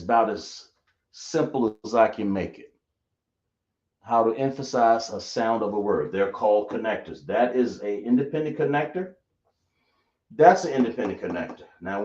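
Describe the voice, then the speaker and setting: A man leads a class at an unhurried pace, breaking words into sounds and asking his students questions. The recording is roomy and muffled. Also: medium pitch, a little mellow. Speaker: teacher. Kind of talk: classroom lesson.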